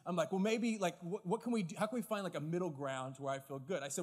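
A man preaching a sermon as pastor, with animated, lively storytelling in quick bursts. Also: sits high, husky, in a large hall. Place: church hall.

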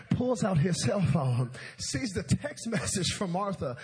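A man's voice: high voice, big pitch swings, normal speed, a little mellow. A male pastor in his thirties preaching a sermon in a church auditorium, telling comedic stories with call-and-response.

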